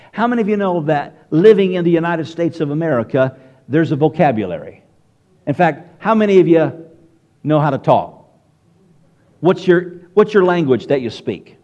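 A pastor with a Southern US accent preaches in church. His voice sits high for a man, and it rises and falls in big, lively swings as he questions his listeners. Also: highs cut off. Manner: animated, questions the congregation directly. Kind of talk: sermon.

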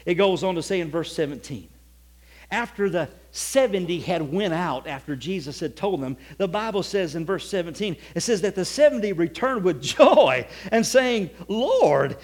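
A male pastor preaching a sermon, swinging between loud exclamations and hushed asides. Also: high voice, expressive, moderate pace.

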